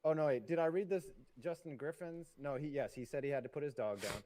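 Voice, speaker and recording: A man's voice: fairly high pitch, fast talker, mellow. Jokey man reading donations on stream. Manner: loose and jokey, laughing between reads. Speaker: host. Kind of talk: casual livestream chat, reading donations aloud.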